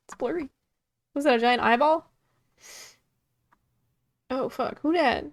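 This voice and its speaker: A woman gives live commentary on the game she is playing, talking slowly and thinking out loud. Her voice sits a little high, and she swears freely. Game music plays clearly behind her. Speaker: game streamer.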